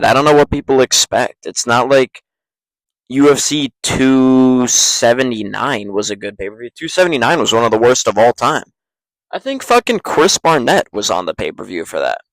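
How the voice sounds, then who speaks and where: A man's voice: mid-range voice, no room sound, rough recording. A young man running his own MMA channel, ranting bluntly and swearing freely through casual fight predictions. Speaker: MMA YouTuber.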